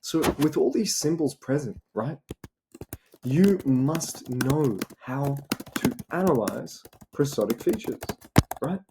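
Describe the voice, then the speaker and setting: Young Australian male tutor, middle pitch, rhetorical and chatty, noisy take with typing behind. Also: expressive, slow pace. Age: young adult. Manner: rhetorical, repeats "right?" and "you know". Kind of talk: informal explanatory lesson. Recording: noisy recording with keyboard clicks.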